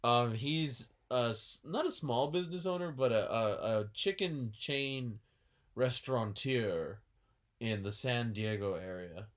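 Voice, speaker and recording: Speaking at a measured pace in a mid-range voice, this podcast co-host keeps the talk casual and jokey, putting on goofy voices whenever he does a bit.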